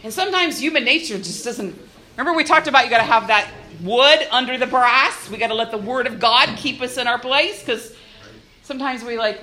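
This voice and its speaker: In an echoey room, a woman delivers a lively youth-group talk at church, her fairly high voice moving briskly as she acts out little voices.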